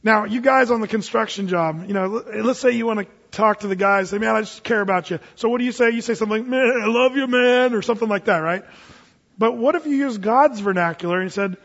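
A middle-aged man preaches in a relaxed, folksy way with easy chuckles. His voice sits high and a little husky. The sound is muffled and carries a long hall echo. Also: fast talker. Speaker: pastor. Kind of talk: sermon.

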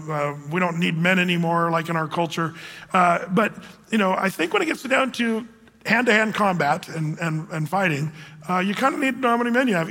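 A man delivers a sermon with a high-pitched voice in a casual, rambling way, full of fillers and restarts. He acts out quoted voices by raising his pitch. The sound carries a long reverb, as in a church hall. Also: sharp tone. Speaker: pastor.

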